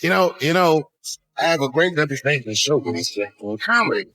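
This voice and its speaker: A man's voice: a little high, expressive, fairly quick, pushed and bright, no echo. Rambling middle-aged male stand-up comic. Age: 50s. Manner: rambling, self-deprecating asides with frequent restarts. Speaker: stand-up comedian. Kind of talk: stand-up routine.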